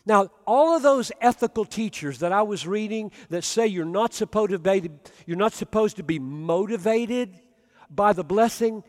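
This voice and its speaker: A man preaching a sermon, earnest and emphatic, often dropping to soft, low tones. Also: expressive, moderate pace, long reverb tail.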